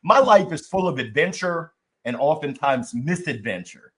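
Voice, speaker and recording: An animated man with a slightly high voice that swings up and down in pitch, talking on a live video call. He is a professional speaker giving warm, upbeat advice and often doubles words as he gets going. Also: normal speed. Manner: animated, enthusiastic, repeats words when starting.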